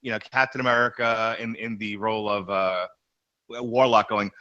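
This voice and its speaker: Bright-voiced man chatting about comics. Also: lowish voice, brisk, muffled recording. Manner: rambling, restarts often, animated. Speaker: podcast co-host. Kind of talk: casual comics podcast chat.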